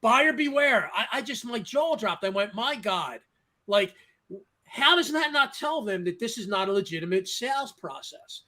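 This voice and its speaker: High-voiced man telling a story. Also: normal speed. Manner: animated, laughs often while telling. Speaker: guest in a chat. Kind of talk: casual chat, storytelling.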